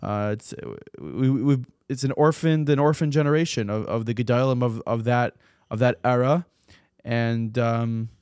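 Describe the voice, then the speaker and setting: A man's voice: medium pitch, steady tone, normal speed, darkish tone, smooth, dry recording, studio quality. A man hosting a casual podcast chat, telling news stories conversationally and often repeating words as he gathers his thoughts. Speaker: podcast host.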